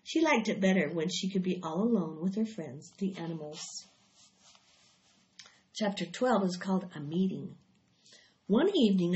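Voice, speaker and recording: A woman reading a children's novel aloud in an unhurried way, with small slips, recorded on a dull lo-fi track. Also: on the low side, darkish tone.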